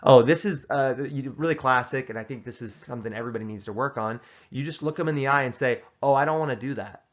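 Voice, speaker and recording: A man delivers joking life advice as if it were dead serious, keeping a deadpan, matter-of-fact tone. His voice sits at an ordinary middle pitch. The recording sounds a little dull and lo-fi. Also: fast, few pauses. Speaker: host giving tongue-in-cheek advice. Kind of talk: casual comedic advice monologue.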